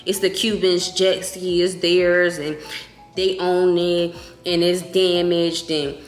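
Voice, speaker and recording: Young woman ranting thru a wild storytime, lowish voice, echoey room w/ faint music. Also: slow pace. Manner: animated, profane, expressive. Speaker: storytime vlogger. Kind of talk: casual storytelling.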